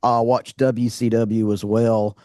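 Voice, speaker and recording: A man's voice: medium pitch, level tone, slow pace, dark tone, dry recording, clean studio sound. A man in his thirties, a guest wrestling ring announcer, telling his story in casual podcast chat, with many fillers and restarts.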